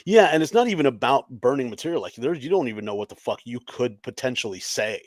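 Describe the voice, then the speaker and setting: A stand-up comedian telling stories in a casual podcast chat, animated and laughing often. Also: male voice, medium pitch, fast talker, no room sound.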